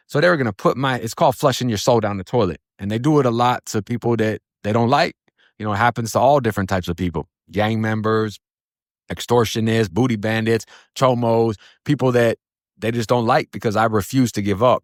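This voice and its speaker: A man's voice: lowish voice, fairly quick, no room sound, studio quality. A man from Florida telling a story in casual, blunt speech, swearing freely and using lots of fillers. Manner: blunt and profane, with many fillers.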